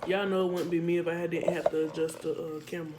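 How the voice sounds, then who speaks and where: Eating at home, a woman who runs a family vlog talks her viewers through the food in a casual mukbang chat, chatty and addressing them as y'all. She talks fast in a voice on the low side with little pitch movement. The audio is very noisy.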